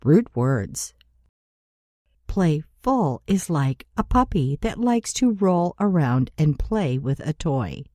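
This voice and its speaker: A woman delivers a scripted grammar lesson as a teacher, each word placed with great slowness and letters spelled out one by one. Her voice sits low yet rises and falls in a lively way. The sound is mellow and dry, close to the mic. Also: dry recording. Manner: slow, deliberate, spelling out letters for learners. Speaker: English teacher.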